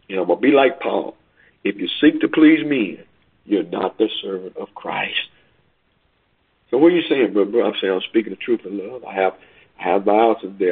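A man's voice: on the low side, slightly rough. A man preaching a sermon, reading scripture and building to emphatic, repeated appeals. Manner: emphatic, rising to loud appeals. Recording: tinny phone line.

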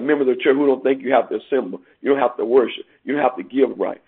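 A man preaching a sermon, emphatic, repeating phrases and rising sharply in pitch to stress his points. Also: fast, few pauses, husky. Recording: tinny phone-like radio broadcast.

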